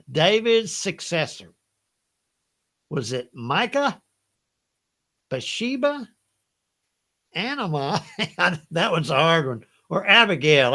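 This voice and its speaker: Older Southern US man, high bright voice, unhurried, folksy trivia host who laughs often. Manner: chatty, folksy, laughs often, reads each question twice. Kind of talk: hosting a live Bible trivia game.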